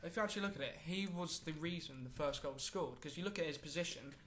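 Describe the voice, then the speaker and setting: A man's voice: a little high, fast, a bit bright, a little hiss or hum. A man co-hosting a casual football podcast, talking in a rambling way with many fillers. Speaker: podcast co-host.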